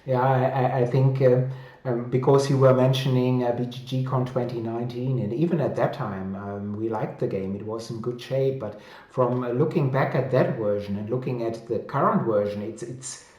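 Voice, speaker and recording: A man's voice: mid-range voice, steady tone, normal speed, darkish tone, reverberant, muffled recording. A man with a German accent hosting a casual live-stream chat and reading out viewer comments. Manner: chatty, reads out viewer comments. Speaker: host.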